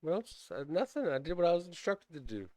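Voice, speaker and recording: A man's voice: a little high, very animated, brisk, warm tone, no echo. A man playing a tabletop game in character, joking and rambling, often laughing. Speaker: player. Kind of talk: casual in-character role-play.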